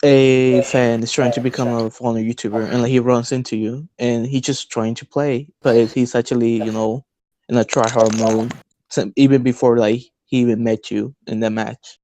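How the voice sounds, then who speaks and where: A man's voice: medium pitch, flat delivery, moderate pace, warm tone, poor audio. A man hosting a gaming podcast, asking a long rambling question full of fillers. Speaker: podcast host. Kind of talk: casual podcast chat.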